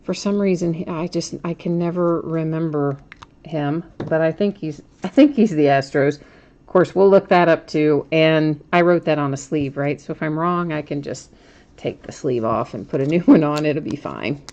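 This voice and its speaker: Deep-voiced lady doing a casual card break, chatty, calls out each card. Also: normal speed, darkish tone, dull audio. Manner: chatty, narrating each card as she pulls it; self-correcting, laughs at her own slips.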